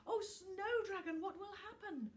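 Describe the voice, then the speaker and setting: Woman voicing a small pleading boy creature. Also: a little slow. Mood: frightened. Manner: high, tearful and urgent. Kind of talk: storybook reading.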